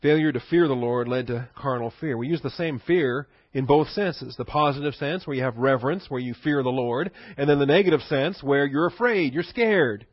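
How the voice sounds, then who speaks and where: A man's voice: mid-range voice, normal speed, hardly any pauses, dry recording, dull audio. A male pastor preaching a sermon in a conversational teaching manner, asking rhetorical questions and chuckling.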